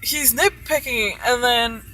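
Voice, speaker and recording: A woman's voice: fairly high pitch, takes it slowly, pushed and bright, soft background music, poor audio. A woman who works as a cook, frustratedly venting about her job and swearing often.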